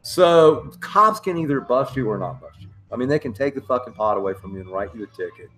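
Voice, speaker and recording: A man's voice: medium pitch, fairly quick. A man hosting a casual talk show tells a story with lots of swearing. He acts out the people in it with big jumps in his voice. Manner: swearing, animated storyteller acting out dialogue. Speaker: podcast host.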